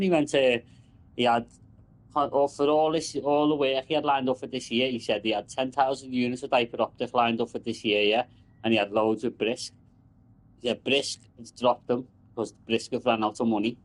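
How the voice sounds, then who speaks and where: A man's voice: mid-range voice, steady tone, moderate pace, low-quality recording. A man, a telecom engineer, rambling and swearing in casual chat about his work.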